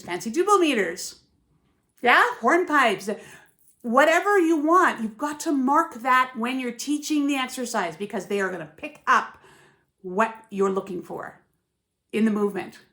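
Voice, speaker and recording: Emphatic ballet teacher woman, fairly high voice. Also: gravelly, fairly bright tone. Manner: emphatic, musical, often checks in with "yeah?" and "right?". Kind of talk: teaching tips to camera, with sung counts.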